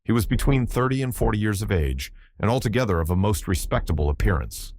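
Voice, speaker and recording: A man narrating an audiobook in a measured, even scripted reading, recorded close to the mic. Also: on the low side.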